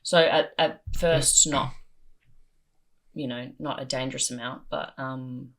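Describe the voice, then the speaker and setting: A woman's voice: extremely low pitch, unhurried. Candid, self-deprecating woman comedian. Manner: animated, self-deprecating, swears freely. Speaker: comedian and interview guest. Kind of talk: candid conversational storytelling.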